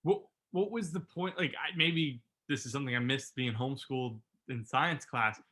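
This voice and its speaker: A man's voice: medium pitch, moderate pace, fairly bright tone. A man co-hosting a podcast, chatting casually about a movie and thinking aloud with lots of fillers. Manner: rambling, thinks aloud with many "like"s. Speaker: podcast co-host. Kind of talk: casual movie review chat.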